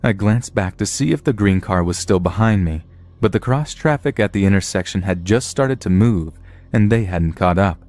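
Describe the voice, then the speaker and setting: A man's voice: fairly low pitch, animated, moderate pace, a little mellow. A man narrating a true horror story in a blunt, profane telling.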